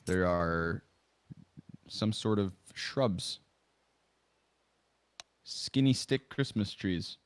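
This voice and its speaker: A male esports commentator with a very lively, swooping delivery. He calls the action playfully and cracks jokes. He bursts into loud exclamations when a big play lands. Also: sits low, drawn-out words, long pauses.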